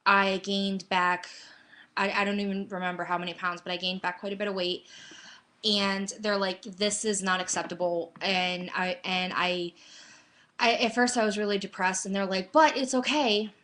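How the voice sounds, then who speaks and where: A woman's voice: medium pitch, little pitch movement, normal speed, sharp tone. A young adult woman giving a candid, rambling personal update in a casual webcam vlog at home. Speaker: vlogger. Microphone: webcam mic.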